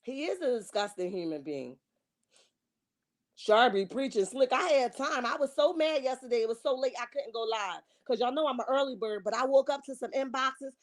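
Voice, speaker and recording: Woman, 40s, from Camden NJ, high voice, fiery scolding rant host. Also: fairly quick, hardly any pauses. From Camden, New Jersey. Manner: scolding, fiery, rhetorical questions. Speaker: online commentary host. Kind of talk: heated rant commentary.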